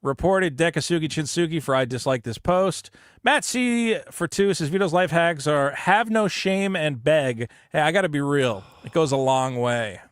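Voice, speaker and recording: A man co-hosting a casual comedy podcast, reading super chats aloud and telling stories loudly with put-on panicked voices. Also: fairly high pitch, normal speed, clean tone, no room sound, clean studio sound. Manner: loud, animated storytelling with put-on panicked voices.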